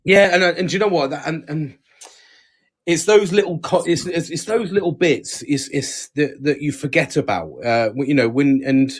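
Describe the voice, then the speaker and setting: A man's voice: on the high side, normal speed. An English man on a live chat show, talking supportively and repeating words as he thinks. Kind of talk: casual chat.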